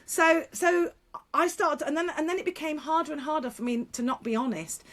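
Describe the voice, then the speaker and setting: A middle-aged woman, a guest speaker and former teacher, telling stories in a frank, lively way with laughs and quick restarts. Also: sits high. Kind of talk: casual interview storytelling.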